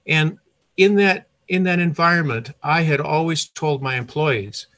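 A man's voice: on the high side, unhurried, a bit bright. An older retired man telling a personal story in a conversational way, with restarts and self-corrections.

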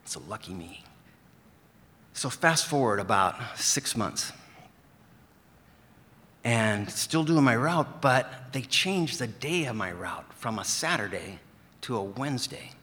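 A man telling a personal story on stage, earnest and gentle. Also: medium pitch, very animated, slow pace, long pauses, long reverb tail. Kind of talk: live storytelling.

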